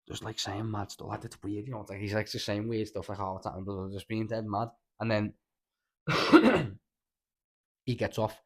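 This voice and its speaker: A man's voice: on the low side, moderate pace, long pauses. A man with a Liverpool accent, co-hosting a casual podcast and telling a long story in a rambling way, full of filler words and swearing. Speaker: podcast co-host.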